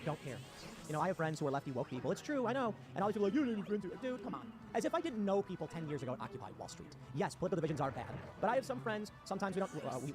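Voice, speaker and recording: A man giving sarcastic, combative commentary on a livestream, reading posts aloud and ranting. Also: high-pitched. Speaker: political commentator. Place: home in West Virginia. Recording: music playing underneath. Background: music.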